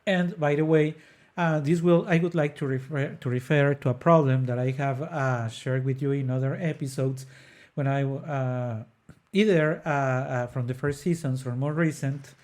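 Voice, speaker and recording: A man's voice: medium pitch, steady tone, moderate pace, a little mellow. A man hosting an opera podcast, explaining an aria earnestly with frequent hesitant fillers. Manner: breaks into sung phrases to demonstrate notes. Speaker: podcast host.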